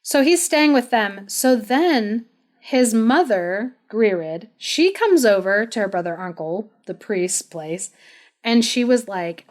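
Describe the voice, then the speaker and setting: A young woman co-hosting a podcast, retelling a saga in a chatty, animated way. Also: on the high side, slow pace. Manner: animated, chatty, laughs often, many "like"s. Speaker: podcast co-host. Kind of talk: casual storytelling.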